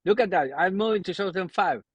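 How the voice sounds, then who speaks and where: A man's voice: high-pitched, a little fast, husky, no room sound, highs cut off. A man with an Argentine accent, speaking English as a second language, hosting a casual podcast interview and often restarting his sentences as he searches for words. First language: Spanish. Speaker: podcast host.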